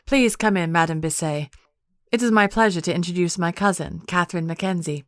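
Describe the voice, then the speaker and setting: Woman playing a genteel countess, formal and refined, lowish dry voice. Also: brisk, dry recording, natural voice. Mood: hospitable. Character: Victoria, gracious proper countess, adult woman.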